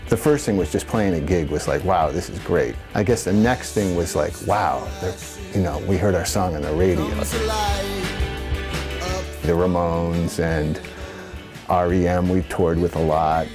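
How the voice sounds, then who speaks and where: Man, middle-aged, musician, very deep voice, rambling anecdotes, faint music underneath. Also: unhurried. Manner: rambling anecdotes with laughs and restarts. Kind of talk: casual storytelling interview.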